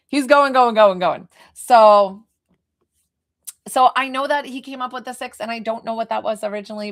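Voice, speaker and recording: A woman working as a psychic medium, giving a live reading in a rambling, hesitant way with many fillers and restarts. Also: medium pitch. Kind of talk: live spirit reading to a viewer.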